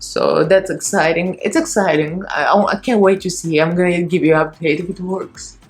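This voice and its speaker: A woman's voice: fairly low pitch, moderate pace, soft background music. A woman in her thirties, a beauty vlogger and fitness instructor, talking in a rambling, candid way with a strained, shaky voice at her beauty desk at home. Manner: rambling, candid, laughs between phrases. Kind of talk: chatty get-ready-with-me vlog.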